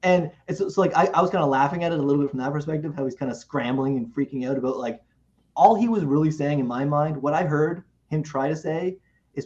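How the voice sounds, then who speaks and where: A man co-hosts a casual recap show with a fairly high voice. He talks in an animated way, often starting over and repeating himself. The recording sounds dull and lo-fi. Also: quick pace. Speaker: podcast co-host. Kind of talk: casual chat. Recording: muffled lo-fi recording.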